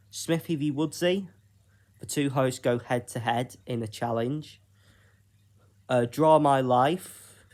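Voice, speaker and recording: A man from Britain talking through his own ideas in a casual solo vlog, unhurried and hesitant, with plenty of ums and pauses. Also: mid-range voice. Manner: unhurried, hesitant, with frequent fillers. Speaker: YouTuber.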